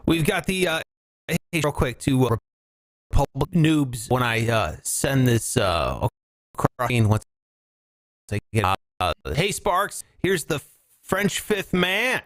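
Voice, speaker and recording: Excitable, loud-talking man hosting a show. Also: medium pitch, slow pace, no echo. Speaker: podcast host. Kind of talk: casual morning show chat.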